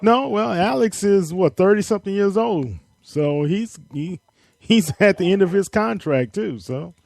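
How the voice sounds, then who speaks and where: Male co-host, easygoing, slightly high and very lively pitch. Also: a little slow, creaky, dry recording. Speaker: radio co-host. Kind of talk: sports talk radio banter.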